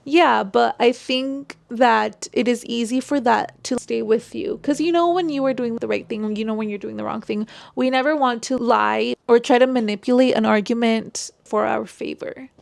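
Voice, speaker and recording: A woman's voice: fairly high pitch, moderate pace, vocal fry, hardly any pauses, dry recording. A woman chatting casually as she gives relationship advice, full of "like" fillers. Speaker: vlogger giving relationship advice.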